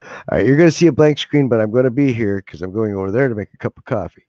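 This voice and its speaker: A man's voice: mid-range voice, lively intonation, fast, warm tone, no echo. Rambling man on a late-night livestream. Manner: rambling, joking, laughs often. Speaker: livestream host. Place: home at night. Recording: dull dry home mic.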